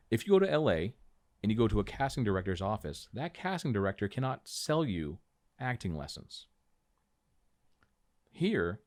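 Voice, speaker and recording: A man on a podcast telling stories from his acting work in a casual, animated way, acting out other people's lines as he goes. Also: low voice. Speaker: podcast guest, actor. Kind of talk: casual storytelling chat. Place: small podcast room.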